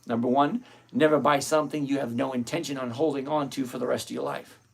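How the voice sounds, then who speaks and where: A man's voice: mid-range voice, steady tone, fast talker, creaky. A middle-aged man hosting a live trading stream, bluntly thinking aloud and greeting viewers by name. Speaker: livestream host.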